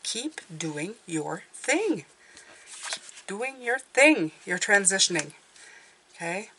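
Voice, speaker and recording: A woman's voice: medium pitch, big pitch swings, slow pace, bright, forceful tone, slight background noise. A woman giving a casual tarot reading to her viewers, encouraging and often checking in with "okay?". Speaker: tarot reader.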